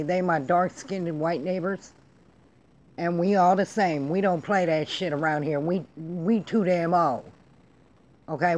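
A middle-aged woman hosting her own vlog, delivering a blunt, profane, emphatic rant in casual talk. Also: lowish voice. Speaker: vlog host. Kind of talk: casual ranting monologue.

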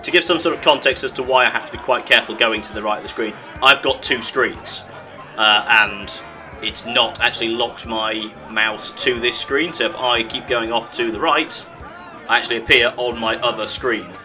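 A man's voice: medium pitch, fairly even intonation, normal speed, sharp tone, soft background music. A man giving casual, sarcastic commentary while he plays a game. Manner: chatty, sarcastic, laughs at his own mishaps. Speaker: let's play host.

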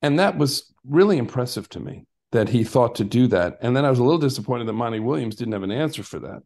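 A man's voice: medium pitch, lively intonation, quick pace, darkish tone. An older man, a former actor and basketball coach, chatting in an interview and telling stories in a rambling way with frequent restarts and asides. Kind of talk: casual interview storytelling.

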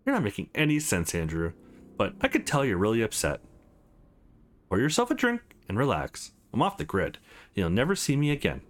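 A man voicing a sly middle-aged woman in a visual novel, coolly dismissive and teasing, read in his own low-key voice. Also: huge pitch swings, brisk.

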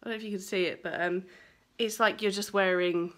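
Chatty mum vlogging. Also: female voice, mid-range voice, fairly even intonation, a little fast, fairly bright tone. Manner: chatty, rambling, laughs often. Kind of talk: casual vlog chat. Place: home, then walking outdoors and a busy cafe.

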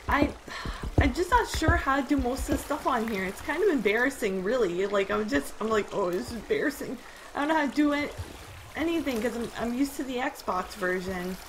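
A young woman chatting casually over her gameplay, easily startled and poking fun at herself. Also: medium pitch. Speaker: gamer. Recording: noisy home recording.

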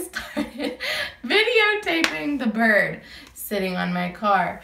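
A woman's voice: fairly high pitch, bright, forceful tone, echoey room. A young woman vlogger telling a story in casual chat, rambling with lots of "like" and breaking into giggles.

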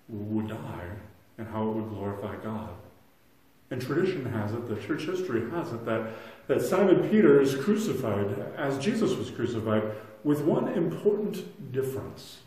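A man in his thirties preaching a sermon as pastor, earnest, shifting between loud emphasis and soft, hushed lines, often repeating words as he restarts. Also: medium pitch. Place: church sanctuary. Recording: very echoey church room.

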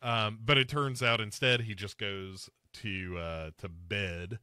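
A man with a low, bright and forceful voice hosts a casual podcast. He recaps a film scene by scene, slipping into mocking voices for the characters. The sound is close and dry. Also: fairly even intonation, takes it slowly, clear, resonant tone, no room sound. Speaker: podcast host. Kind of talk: casual movie recap chat.

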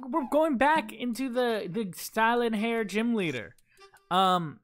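Animated, playful male game streamer. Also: high-pitched. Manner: playful, jokey, chats to viewers. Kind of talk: casual live-stream chat.

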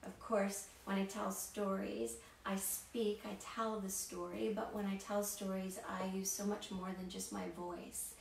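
A woman's voice: mid-range voice, flat delivery, measured pace, creaky, hardly any pauses, far from the mic. A woman storyteller who leads a playful, interactive show for children, talking straight to young viewers at home. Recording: echoey room, voice heard from off-mic, faint background hiss.

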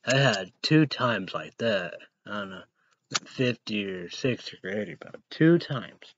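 Here a young man running a casual show goes through news headlines, rambling about them and spelling names letter by letter. He talks a little slowly in a fairly low, animated voice, over a noisy background in a dull, lo-fi recording.

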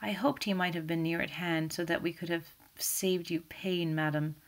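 An earnest, excitable male magistrate, read by a woman, hurrying his words. The voice is low and slightly gravelly. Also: close to an everyday voice. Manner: hurried, earnest.

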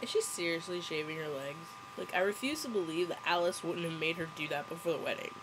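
A woman's voice: fairly low pitch, fast talker, background noise. A young woman rambling through a casual, sarcastic movie review, giggling as she goes.

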